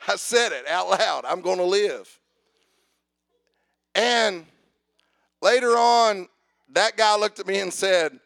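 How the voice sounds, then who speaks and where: A man preaching a sermon, telling a personal story with acted dialogue and building to loud calls for amen. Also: sits high, gravelly.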